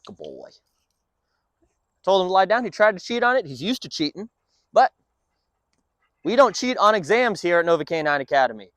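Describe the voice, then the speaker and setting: A man's voice: high voice, expressive, fairly quick, dry recording. A man working as a dog trainer, explaining his training session in an upbeat way between short firm commands to a dog.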